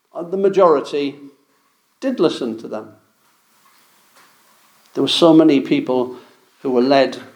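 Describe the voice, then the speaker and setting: A man's voice: medium pitch, darkish tone. A man preaching an emphatic, confrontational sermon.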